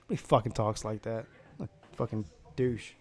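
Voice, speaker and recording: A man's voice: fairly low pitch, moderate pace. A man from South Carolina hosting a live football draft stream, brash, profane and joking in casual commentary.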